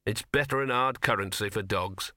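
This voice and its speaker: A man voicing a scruffy, wheezing old male talking dog, gruff and sardonic. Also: fairly low pitch, moderate pace, sharp tone, dry recording, studio quality.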